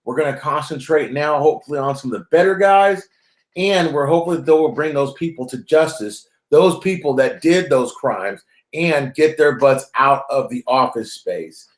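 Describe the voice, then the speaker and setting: A man's voice: a little high, normal speed. A man hosting a live call-in show. He talks in a loose, rambling, joking way and chats with callers. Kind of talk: casual live-stream chat. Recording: roomy echo.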